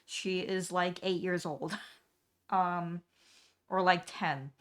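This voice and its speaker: Slow, rambling young woman streamer. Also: on the low side, fairly even intonation, fairly bright tone. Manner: rambling, full of "um" and "like", laughing at the plot. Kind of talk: casual storytelling recap.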